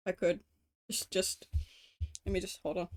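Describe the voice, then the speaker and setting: Talking between bites into a desk microphone, a woman hosts a relaxed home livestream for her chat, laughing frequently and cursing now and then. Her fairly low voice stays flat in pitch at a normal speed, with soft music in the background.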